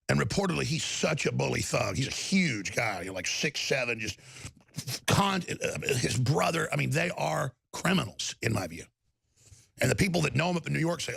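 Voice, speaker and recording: A man hosting a talk show, delivering an angry, insulting rant that breaks into shouting. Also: a little high, sing-song, moderate pace, vocal fry, slightly rough, no echo, studio quality. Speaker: talk radio host. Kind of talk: ranting talk show monologue.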